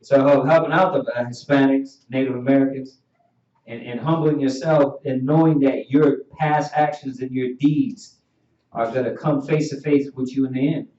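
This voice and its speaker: A man teaching a Bible class in an animated preaching style, laughing often and calling for each verse to be read. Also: mid-range voice, moderate pace. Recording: dull echoey room audio from far off.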